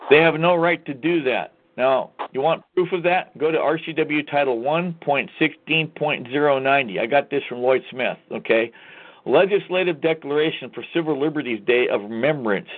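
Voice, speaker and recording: A man's voice: fairly high pitch, normal speed. Angry ranting man on a tinny line. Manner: angry, profane, emphatic. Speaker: host. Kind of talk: ranting call-to-action monologue.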